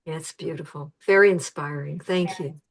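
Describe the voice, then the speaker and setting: Female interviewer, lower pitch, soft and measured. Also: steady tone, creaky. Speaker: podcast host. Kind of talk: interview questions.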